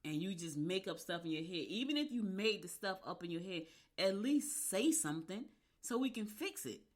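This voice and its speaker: A middle-aged woman from Newark hosting a radio show, talking in a casual, animated, candid way and swearing freely. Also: medium pitch, normal speed. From Newark, New Jersey. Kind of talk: casual personal monologue.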